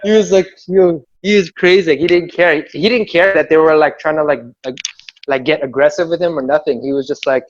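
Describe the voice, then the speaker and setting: A man's voice: a little high, a little fast. A man telling a story in casual chat on a video call, rambling and acting out quotes with laughter. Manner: rambling, animated, acts out quotes with yelling and laughter. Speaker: b-boy crew member telling a story. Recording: muffled video call audio.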